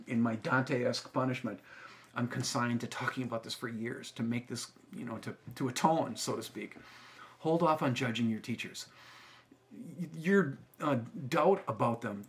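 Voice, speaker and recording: A middle-aged male teacher telling a personal story to camera in an earnest, reflective way. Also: medium pitch.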